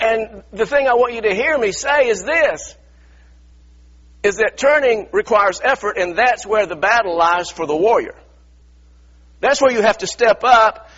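A middle-aged pastor preaching a sermon in a church, earnest and repetitive, stumbling over restarts and firing rhetorical questions. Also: male voice, sits high, fairly bright tone, highs cut off.

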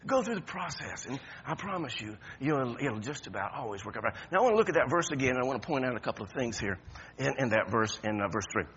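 Speaking fast in a sing-song, fairly bright voice, a male pastor addresses his congregation conversationally. He stumbles through restarts, then bursts into emphatic high points. The recording sounds muffled, with a little background noise.

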